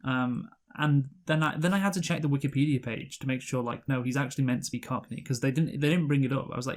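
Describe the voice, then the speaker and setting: A man hosting a casual movie review chat, halting and restarting often and laughing along the way. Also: medium pitch.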